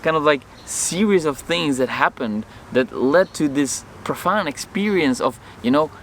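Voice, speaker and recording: Animated man telling a story outdoors. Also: fairly high pitch, measured pace, a little hiss or hum. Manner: animated, acts out his own and others' lines in the story. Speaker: vlogger. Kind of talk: casual storytelling to camera.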